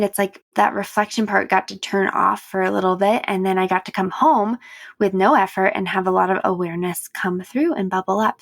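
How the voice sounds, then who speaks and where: A woman in her thirties talks through a relaxed solo podcast episode, candid and chatty with frequent laughs. Her voice carries a gravelly fry. The sound is dry and close, with no room around it. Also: medium pitch, no echo. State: tired and yawning. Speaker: podcast host. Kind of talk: casual solo podcast chat.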